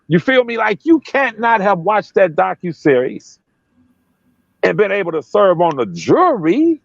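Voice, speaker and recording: Gravelly, animated man in dull lo-fi audio. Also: high-pitched, unhurried, dry recording. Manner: animated storytelling, mimics other people's voices. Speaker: guest on a live chat stream. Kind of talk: casual chat.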